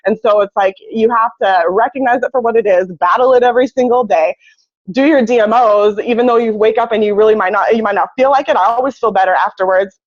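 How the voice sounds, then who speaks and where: A woman giving an excited, laughing testimonial on a group video call. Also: fairly high pitch, fast, dry recording, lo-fi sound. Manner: excited, laughing often, animated voice swings. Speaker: team member sharing a testimonial on a group call.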